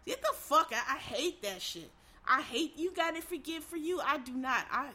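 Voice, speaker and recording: A woman's voice: fairly high pitch, pushed and bright, a little hiss or hum. Blunt, profane woman in a heated rant. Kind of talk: impassioned monologue to viewers.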